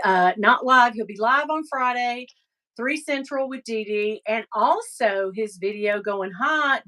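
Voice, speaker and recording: Chatty lady hosting a live stream, fairly high voice, gushing thanks. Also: bright, forceful tone. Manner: chatty, effusive, thanks viewers. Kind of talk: casual live-stream chat.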